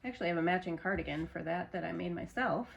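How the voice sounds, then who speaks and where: A woman's voice: lowish voice, fast, gravelly, highs cut off. Woman chatting loosely about her crafts. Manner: loose, rambling, with frequent fillers and restarts. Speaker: crochet seller showing her stock. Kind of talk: casual chat.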